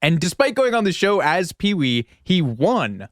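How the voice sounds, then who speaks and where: A man's voice: high-pitched, big pitch swings, unhurried, dry recording, studio quality. A man co-hosting a podcast, chatting casually and reading out facts with joking asides. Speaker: podcast co-host.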